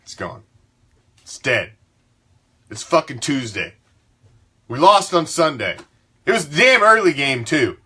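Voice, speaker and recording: A man's voice: a little high, sing-song, unhurried, pauses often, bright, forceful tone, husky. A man hosting a fan sports talk show, ranting with a profane, fired-up and emphatic delivery. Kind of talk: fan sports commentary rant.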